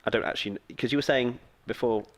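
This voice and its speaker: A man's voice: mid-range voice, fast. A man co-hosting a casual motorsport podcast, asking questions and restarting his sentences. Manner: hesitant, restarts, asks questions. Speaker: podcast co-host. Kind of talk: casual chat.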